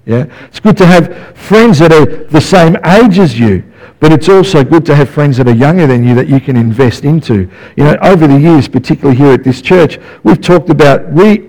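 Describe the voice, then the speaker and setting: A man's voice: a little high, a little mellow, low-quality recording. A man preaching a conversational sermon to his church, often checking in with the congregation. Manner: conversational preaching with frequent "yeah?" check-ins. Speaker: pastor.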